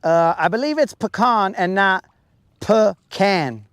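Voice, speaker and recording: A man's voice: high-pitched, expressive, slow pace, fairly bright tone, smooth, no room sound, studio quality. A man chatting casually on a live stream while fishing outdoors on a lake, ranting in a playful, mock-serious way and stretching out his words.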